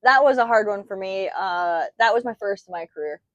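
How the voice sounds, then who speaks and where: A woman's voice: medium pitch, fairly quick, a bit bright, dry recording, muffled recording. A woman racer, a podcast guest, talking in an easygoing, reflective way. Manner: easygoing, reflective, frequent agreeing backchannels. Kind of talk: casual chat.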